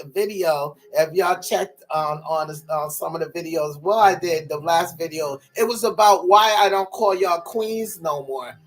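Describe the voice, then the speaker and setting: Casual vlogger, high-pitched man, rambling and profane, high and tired. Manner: rambling, profane, laughs often. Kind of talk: casual monologue to viewers.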